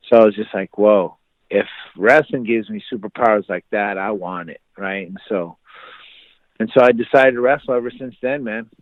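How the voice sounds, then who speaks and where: Animated man telling a story, low voice, dry phone line. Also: dry recording. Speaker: podcast guest. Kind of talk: storytelling in casual interview.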